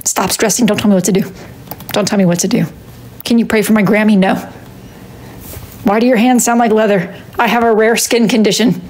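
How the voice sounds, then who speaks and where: A woman's voice: medium pitch, steady tone, brisk, pauses often, a little mellow, a little hiss or hum. A woman chatting casually on a live stream while she draws, scolding her chat and kicking people out. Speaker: wood-burning artist streaming live. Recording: music playing behind the voice.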